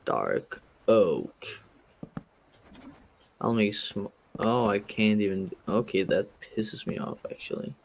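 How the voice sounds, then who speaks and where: A man's voice: on the low side, animated, slow, vocal fry, slight background noise. A man chatting casually with a friend while gaming, teasing him bluntly and swearing when annoyed. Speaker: friend playing along.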